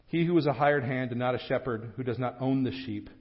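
A man's voice: mid-range voice, quick pace, muffled recording. A man preaching a sermon in a church, earnest and emphatic. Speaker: pastor. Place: church sanctuary.

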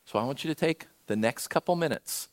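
Animated, lively-pitched male preacher. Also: brisk. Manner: animated, swings from loud to hushed. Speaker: pastor. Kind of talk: sermon.

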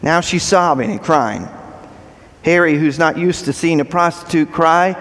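A male preacher telling a story in a sermon with animated, dramatic delivery. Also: a little high, unhurried, in a large hall.

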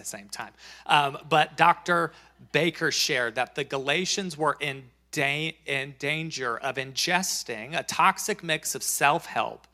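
A man's voice: mid-range voice, sharp tone. A man preaching a sermon as pastor, talking in a conversational, joking way and reading scripture aloud.

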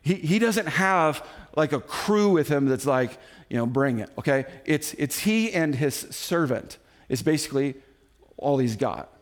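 A man in his forties preaching a sermon, telling the story in an animated way and acting out the quotes himself. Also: fairly high pitch, measured pace. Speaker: pastor.

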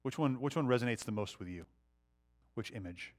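A man in his thirties teaches a Bible study in a relaxed, conversational way and keeps turning questions back to his listeners. His voice sits at an ordinary middle pitch. He sounds like a father talking things over with a small group. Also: fairly quick.

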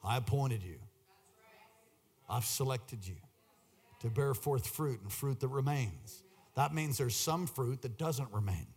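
A man preaching a charismatic sermon in church, moving from quiet storytelling to shouted call-and-response with the congregation. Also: medium pitch, lively intonation, measured pace, pauses often, slightly rough.

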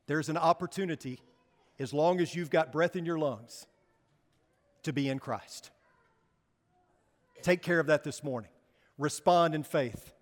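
A man with a high, ringing voice delivers a sermon from the pulpit. He speaks earnestly and then presses hard with urgent appeals. A long hall reverb trails his words. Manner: earnest, rising to emphatic exhortation. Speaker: pastor. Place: church sanctuary.

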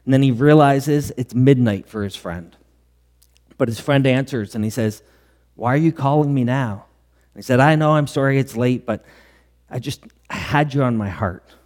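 A middle-aged man preaching in a church hall, his voice trailing a long reverb. His pitch sits in the middle range for a man, and he tells stories in an earnest way with quoted dialogue. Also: moderate pace, a little mellow. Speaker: pastor. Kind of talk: sermon.

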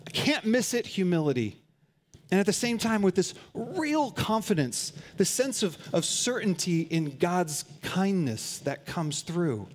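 Male pastor, sermon, fairly high voice, earnest, conversational, light humor. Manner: conversational and earnest, with frequent restarts and humorous asides.

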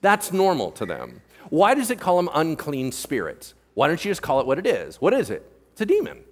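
A man's voice: on the high side, brisk, long reverb tail. A male pastor preaching a sermon, joking and throwing questions at the congregation. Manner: animated, joking, asks the room questions.

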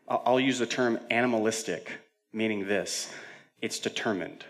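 A man's voice: on the low side, fairly quick, fairly bright tone. A male senior pastor preaching a sermon in a conversational way, with frequent fillers and self-corrections.

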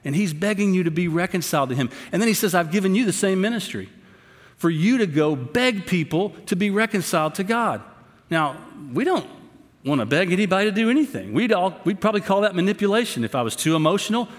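A man's voice: high-pitched, lively intonation, quick pace. A man preaching a sermon as pastor, with an impassioned, pleading delivery. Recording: long hall reverb.

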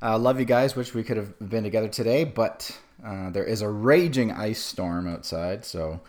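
A man's voice: on the low side, normal speed, a little mellow. A man in his forties with a cold, giving a casual sermon as a pastor, with many fillers and restarts. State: has a cold.

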